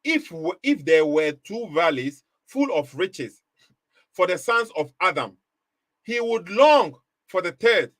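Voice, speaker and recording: A man's voice: fairly high pitch, a bit bright, no echo. A man hosting a live commentary stream, pressing his point with repeated rhetorical questions and short laughs. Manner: rhetorical questions, emphatic and repetitive. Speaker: livestream host.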